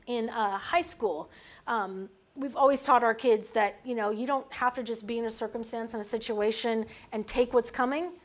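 A woman leading a Bible study, teaching in an animated way and putting questions to her group. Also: a little high.

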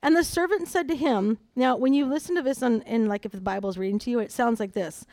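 A woman preaching at a conference, reading a Bible story aloud with lively asides and dramatized quotes. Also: fairly high pitch, fast, no echo. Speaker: conference speaker. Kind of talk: sermon with scripture reading.

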